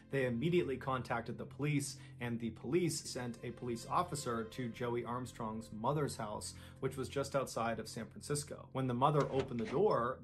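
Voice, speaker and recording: A man's voice: medium pitch, gravelly. A man narrating a true-crime story in a suspenseful, dramatic way, acting out the lines people said.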